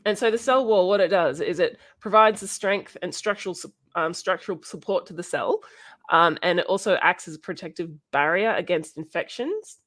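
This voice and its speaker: A woman hosting a casual educational chat, halting often with ums and restarts and laughing now and then. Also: lowish voice, fairly bright tone. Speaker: podcast host.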